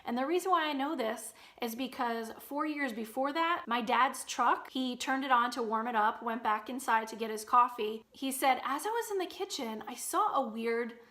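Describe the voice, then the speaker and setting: Woman vlogger in her thirties, slightly high voice, lively storyteller. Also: moderate pace, few pauses. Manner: animated, acts out quotes in loud high bursts. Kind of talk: storytelling vlog.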